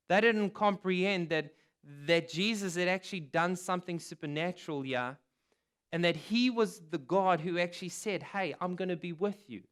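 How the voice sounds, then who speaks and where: A man preaching a sermon in an earnest, emphatic way, returning again and again to key phrases. His voice sits a little high for a man and sounds smooth and clear. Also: a bit bright. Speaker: pastor.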